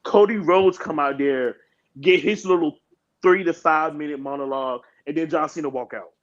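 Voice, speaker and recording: Animated ranting man, dull lo-fi audio. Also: normal speed. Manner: animated, profane, rants and rises in pitch when heated. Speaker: podcast co-host. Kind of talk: casual wrestling chat.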